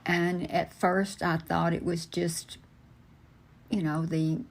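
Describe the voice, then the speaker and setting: An older man tells a story from his past at an unhurried pace, often stopping on ums and uhs. His recollection is earnest and plainspoken. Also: on the high side, flat delivery, creaky. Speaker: storyteller recounting family memories. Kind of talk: slow personal recollection.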